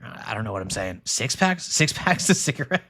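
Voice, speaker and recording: A man's voice: mid-range voice, sing-song, normal speed, pushed and bright, husky. A man streaming a game live, chatting casually and cracking jokes at what he reads. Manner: playful, joking, giggly. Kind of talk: casual live gameplay commentary.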